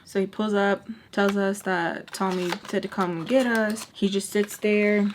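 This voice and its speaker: A woman telling a casual storytime while doing her makeup, chatty and exasperated, often dropping into hushed asides. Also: mid-range voice, fairly even intonation, a little slow. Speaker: storytime vlogger.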